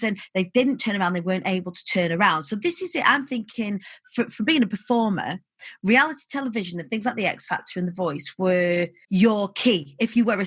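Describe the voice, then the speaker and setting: A woman chats as a podcast guest with a slightly husky, breathy voice at a middle pitch. She tells her stories expressively and with animation, leaning into each turn. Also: fairly bright tone, no echo. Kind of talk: casual chat.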